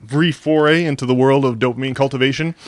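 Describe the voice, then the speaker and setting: A man's voice: mid-range voice, fairly even intonation, no echo, clean studio sound. Man around 40, co-hosting a casual podcast. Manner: rambling with restarts in chat, slow and emphatic when reading. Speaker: podcast co-host. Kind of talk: casual podcast chat and essay reading aloud.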